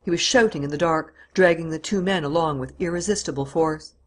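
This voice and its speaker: A man's voice: fairly high pitch, a little fast. A man narrating a classic adventure novel as an audiobook reader.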